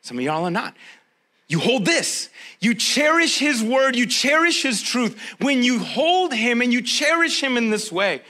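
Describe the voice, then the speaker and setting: A man preaching a sermon with a high, bright voice. He talks straight to his listeners in a loose, conversational way. He leans on repeated phrases to drive each point home. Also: very animated, measured pace. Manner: conversational preaching, addresses listeners directly, emphatic repetition. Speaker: pastor.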